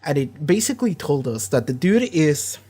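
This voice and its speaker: A man hosting a casual reaction commentary on a TV episode, talking in an animated, profane, rambling way. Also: a little high, moderate pace, breathy edge. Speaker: show reaction host.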